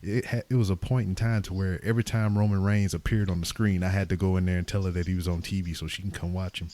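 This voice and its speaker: A man hosting a podcast, telling stories in casual chat with lots of swearing and animated retelling. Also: low-pitched, fast. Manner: profane, animated storytelling. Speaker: podcast host.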